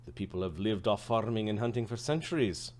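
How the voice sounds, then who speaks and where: A man voicing a courteous, dignified male high priest, speaking formally and with measured calm. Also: close to an everyday voice.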